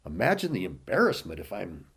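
A man's voice: low-pitched, wildly swooping pitch, fairly quick, vocal fry, fairly bright tone, slightly rough. A man preaching a sermon, reading scripture aloud and asking his listeners rhetorical questions. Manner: reads scripture in King James wording with rising emphasis, asks rhetorical questions.

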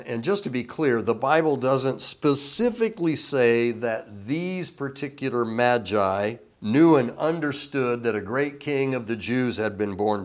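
A man preaching a sermon, teaching slowly and deliberately with emphatic rises on key words. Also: mid-range voice. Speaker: pastor.

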